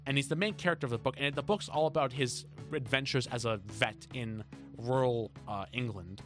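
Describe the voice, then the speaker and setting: A man's voice: medium pitch, a little fast, soft background music. A young man co-hosting a podcast, chatting casually and rambling with many restarts. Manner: rambling, restarts often, lively. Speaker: podcast co-host. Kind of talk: casual chat.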